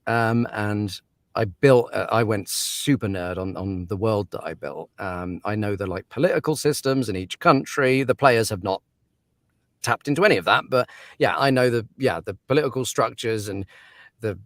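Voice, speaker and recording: A man's voice: on the low side, normal speed, no room sound. A man, an audiobook narrator chatting casually as an interview guest, laughing often and trailing off into fillers.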